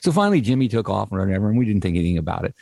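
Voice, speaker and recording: Animated rambling storyteller, man in his 60s. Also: fairly low pitch, racing, vocal fry, no room sound, studio quality. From US Midwest. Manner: rambling, animated, frequent restarts and fillers. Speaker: podcast co-host. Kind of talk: casual storytelling.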